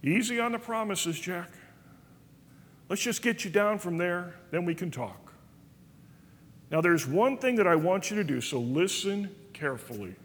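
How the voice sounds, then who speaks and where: A man voicing a calm, patient God who speaks softly and reassuringly. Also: very high-pitched, unhurried, slightly rough, full character voice. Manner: soft-spoken, reassuring. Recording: reverberant hall.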